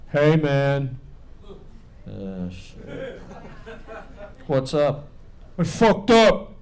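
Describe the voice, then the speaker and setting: Man, stand-up comic, high-pitched, brash, swears, shouted punchlines, faint background ambience. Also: a little hiss or hum. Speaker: stand-up comedian. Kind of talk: stand-up comedy set. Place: comedy club stage.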